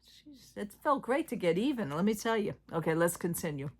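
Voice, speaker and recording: A woman's voice: fairly low pitch, very animated, a little fast, husky. A woman hosting a casual chat about theme park news, talking in loose, filler-heavy sentences. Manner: chatty, trailing off with fillers. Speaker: host.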